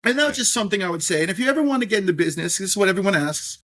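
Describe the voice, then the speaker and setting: Animated middle-aged man, brand owner. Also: high-pitched, rapid-fire. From New York. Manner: animated, many fillers and restarts. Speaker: guest, scotch brand owner. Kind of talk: podcast interview.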